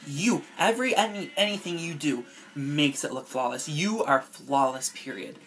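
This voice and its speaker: A gushing young woman vlogger, low-voiced. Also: unhurried. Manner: gushing and effusive, heavy use of "like" and "girl". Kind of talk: casual direct-to-camera vlog.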